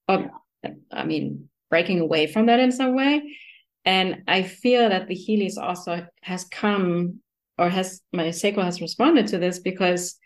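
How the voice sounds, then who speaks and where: A woman hosting a podcast interview, talking in an expressive, animated way with many restarts. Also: medium pitch. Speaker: podcast host. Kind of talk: conversational interview.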